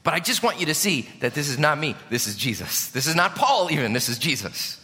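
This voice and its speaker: A man from Chicago preaching a sermon as pastor, emphatic, lifting key lines and dropping low at the ends. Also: sing-song, fairly quick, bright, forceful tone, in a large hall.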